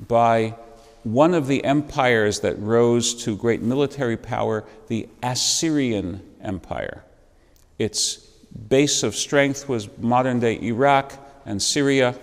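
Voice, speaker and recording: Wry male Bible teacher in a reverberant church space. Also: mid-range voice. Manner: conversational, wry asides with chuckles, asks the class questions. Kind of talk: adult education lecture. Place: church classroom.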